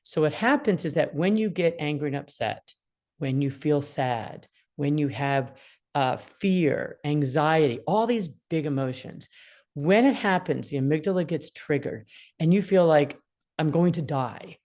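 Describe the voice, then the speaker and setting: Low-voiced woman in her sixties. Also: measured pace. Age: 60s. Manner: animated, acts out quoted feelings. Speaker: attorney mediator and parenting guest. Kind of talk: explaining parenting advice.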